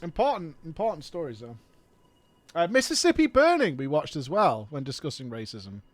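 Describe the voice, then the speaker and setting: A man's voice: on the high side, very animated, moderate pace. A man streaming a game, chatting casually, rambling and swearing as he searches for words. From United Kingdom. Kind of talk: casual chat while gaming.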